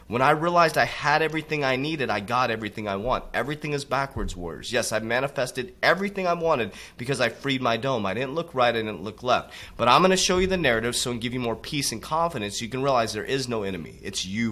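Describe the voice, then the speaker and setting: A man giving a preachy motivational talk, calling his listeners warriors and dropping low and quiet on those tag words. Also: lively intonation, fast talker. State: coughing from allergies. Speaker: crypto motivational coach. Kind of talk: motivational monologue.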